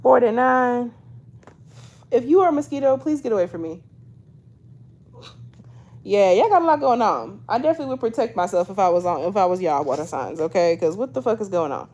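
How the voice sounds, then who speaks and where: A chatty young woman in her twenties gives a casual tarot reading to her viewers, talking at a mid-range pitch that is neither high nor low. She drifts between reading guidebook text aloud and loose, slangy asides. She keeps checking in with a quick "okay?" as she goes. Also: animated, darkish tone. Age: 20s. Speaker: tarot reader.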